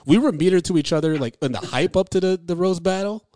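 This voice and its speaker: A man from the American Midwest, a comedian, chatting in a relaxed, rambling way. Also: sits high, quick pace, dry recording, studio quality. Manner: relaxed, rambling, lots of fillers. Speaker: comedian guest. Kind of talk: casual chat.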